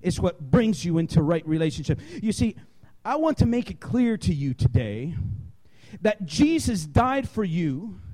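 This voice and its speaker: Male preacher, sermon delivery, very high voice, swooping animated intonation, impassioned. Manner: impassioned, emphatic, building to shouts.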